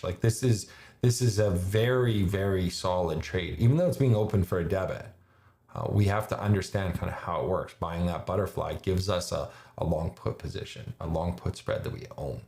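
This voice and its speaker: A man's voice: low-pitched, creaky, a little mellow, echoey room. A man hosting a casual livestream about options trades, thinking aloud as he builds them, with many fillers and restarts. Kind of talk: casual live market commentary.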